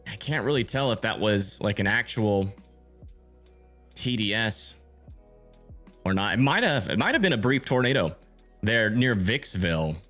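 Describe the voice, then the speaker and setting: A man's voice: fairly low pitch, very animated, measured pace, pauses often, pushed and bright, faint music behind. Man talking through live storm radar. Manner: thinking aloud, reads and answers viewer chat. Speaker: livestream weather tracker. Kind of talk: live storm-tracking commentary.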